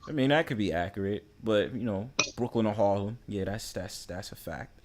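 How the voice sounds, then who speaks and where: A man's voice: lowish voice, moderate pace, noisy background. A man with a New York accent hosting a casual livestream panel, teasing and bantering as he talks. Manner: bantering, repeats "you know what I'm saying".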